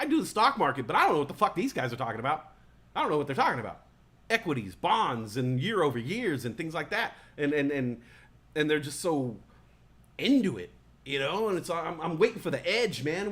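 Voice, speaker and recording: A man in his thirties telling a rambling, profane story in casual chat, acting out voices from a party. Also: high-pitched. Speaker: talk show host.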